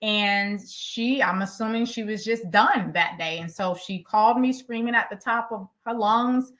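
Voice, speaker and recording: A middle-aged woman coaching a workshop crowd, speaking with animated emphasis. Her voice sits at an ordinary pitch for a woman, and she talks straight to the audience as she tells her story. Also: measured pace, few pauses. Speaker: executive coach.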